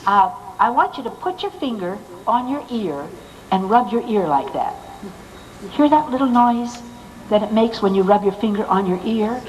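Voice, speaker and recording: An older woman telling comic stories from a stage in a chatty, animated way, acting out other people's voices. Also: medium pitch, normal speed, slight background noise. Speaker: stage performer. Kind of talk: anecdotal stage monologue. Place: stage in a large hall. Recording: long hall reverb, faint music behind.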